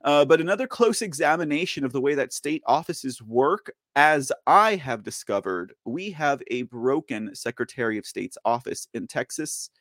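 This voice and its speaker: A man's voice: mid-range voice, lively intonation, normal speed, few pauses, fairly bright tone, no room sound, clean studio sound. A man hosting casual political commentary, rambling and chuckling, often checking in with listeners. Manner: rambling, chuckling, keeps saying "okay?" and "guys". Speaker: host.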